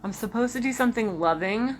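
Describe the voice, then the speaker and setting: A woman ranting casually to camera about work, profane, animated and self-mocking. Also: a little high, fast, slight background noise. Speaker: vlogger.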